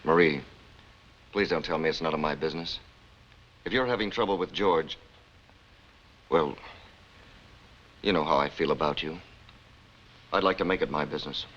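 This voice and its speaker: Suave vain painter, very deep voice, dull lo-fi 1950s TV sound. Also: male voice, moderate pace, long pauses, a bit bright. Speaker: artist. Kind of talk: 1950s TV drama acting.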